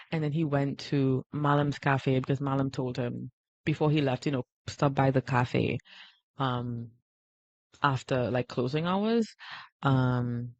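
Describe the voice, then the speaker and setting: Excitable rambling young woman streamer. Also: extremely low pitch, dry recording, lo-fi sound. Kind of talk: casual livestream chat while drawing.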